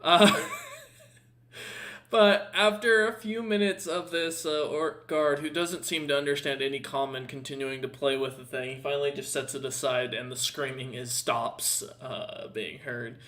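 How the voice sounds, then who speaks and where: A man narrating a tabletop game as dungeon master, halting and full of fillers. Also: medium pitch, steady tone, pushed and bright.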